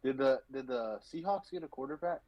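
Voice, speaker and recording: A man co-hosting a casual podcast, telling animated stories and acting out customers' voices. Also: medium pitch, brisk, no room sound, highs cut off. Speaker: podcast co-host. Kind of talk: casual chat.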